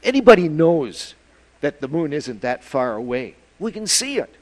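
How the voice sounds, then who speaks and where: A bold, excitable little boy bird from a storybook, as a man puts him on for the children. He talks in a raised, eager voice, full of big plans and quick to plead with his mother. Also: fairly high pitch. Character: eager young male whippoorwill chick.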